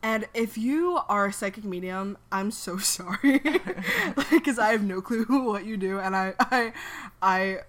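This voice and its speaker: A woman's voice: mid-range voice, expressive, unhurried. A woman co-hosting a podcast, telling a rambling story in a giggly, casual way full of fillers. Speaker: podcast co-host.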